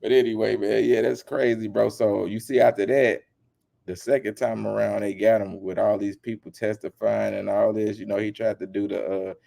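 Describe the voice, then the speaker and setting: Gravelly, emphatic male vlogger. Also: fairly low pitch, moderate pace. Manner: animated, emphatic, slangy. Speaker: commentary vlogger. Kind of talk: casual commentary.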